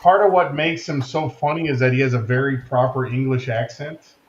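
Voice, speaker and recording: A man chatting casually, speaking haltingly and often restarting his words. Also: mid-range voice. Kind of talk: casual chat. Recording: roomy, dull, faint noise.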